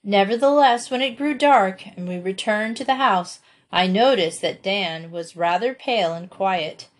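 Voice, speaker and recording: A woman narrating a classic children's novel, reading steadily and expressively. Her voice sits at a middle pitch. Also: a little slow. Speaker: audiobook reader.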